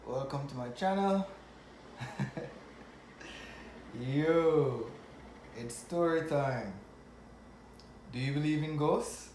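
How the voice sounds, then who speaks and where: Jamaican guy chuckling thru a story time vid, kinda high voice, echoey room. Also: drawn-out words, pauses often, darkish tone, slight background noise. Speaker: vlogger. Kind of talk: storytelling to camera.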